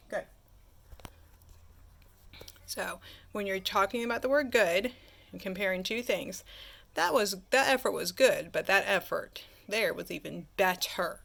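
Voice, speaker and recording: A woman's voice: mid-range voice, vocal fry, fairly bright tone. A woman teacher giving a chatty grammar lesson, asking her class questions and answering them herself.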